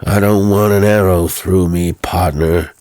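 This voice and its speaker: A man's voice: deep voice, steady tone, a little slow, a little mellow, no room sound. Man as a stern country doctor father. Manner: firm, scolding, teasing.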